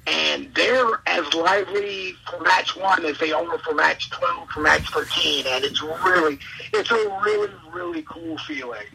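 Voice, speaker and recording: A man, a wrestler and podcast guest, telling an excitable, rambling story in casual interview chat. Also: a little high, creaky, slight background noise, rough recording. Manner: excitable, rambling, quick asides.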